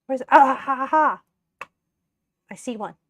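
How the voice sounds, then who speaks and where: Speaking in a high voice at normal speed, a young woman from Australia casually chats to her stream viewers while cooking. She giggles often and rambles, heavy on "like" fillers.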